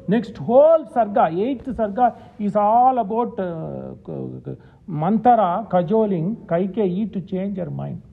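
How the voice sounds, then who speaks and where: A man's voice: sits high, breathy edge. A man giving a religious lecture, reciting Sanskrit verses and explaining them with emphatic repetition. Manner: emphatic, repeats words for stress. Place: temple hall. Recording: tinny phone-like sound.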